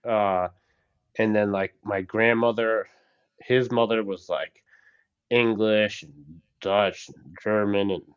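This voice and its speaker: A man's voice: on the low side, steady tone, slow, pauses often, smooth. A man co-hosting a live stream, speaking casually and hesitantly with many fillers, his audio muffled and lo-fi. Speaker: stream co-host. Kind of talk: casual chat.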